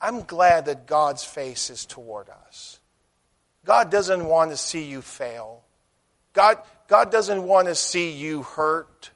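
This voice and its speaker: A man with a high, ringing voice preaches a sermon. He presses hard on key words, then falls soft and low, often repeating a phrase as he gathers force. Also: expressive, slow. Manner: emphatic preaching with swells and drops in loudness, repeating phrases.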